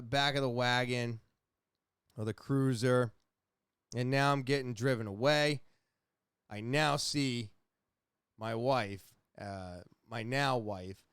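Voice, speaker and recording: A young adult man hosting a podcast, casually telling a rambling, profane story with animated retellings. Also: medium pitch, smooth, dry recording, clean studio sound. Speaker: podcast host.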